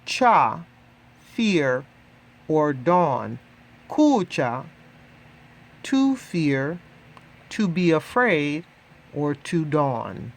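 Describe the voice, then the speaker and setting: A language teacher leading a pronunciation drill, saying each word slowly and deliberately and repeating it twice for listeners. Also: medium pitch, sing-song.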